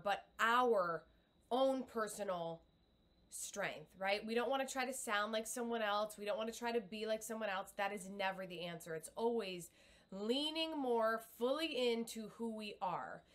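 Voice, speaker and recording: A woman's voice: a little high, animated, unhurried, fairly bright tone. Middle-aged woman, coach leading a live webcam lesson, upbeat and encouraging. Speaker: communication coach.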